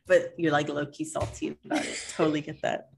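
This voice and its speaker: A woman's voice: sits low, creaky, slight background noise. A woman chatting casually on a podcast, slangy and blunt, swearing and laughing. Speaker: podcast co-host. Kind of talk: casual chat.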